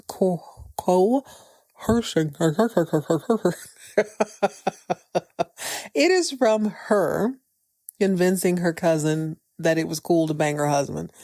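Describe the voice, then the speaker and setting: A woman hosts a podcast and recaps a TV drama episode in a loose, chatty way. She tosses in slang and teasing jokes as she goes. Her voice sits a little low, and the sound is close and dry. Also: mellow, dry recording. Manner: playful, slangy, joking asides. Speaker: podcast host.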